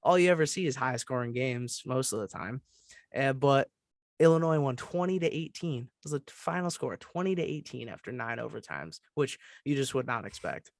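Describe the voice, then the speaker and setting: A man's voice: mid-range voice, lively intonation, normal speed, creaky, no room sound, studio quality. A young man co-hosting a sports podcast, talking casually and restarting his sentences as he goes. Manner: chatty, trails off and restarts. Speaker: podcast co-host.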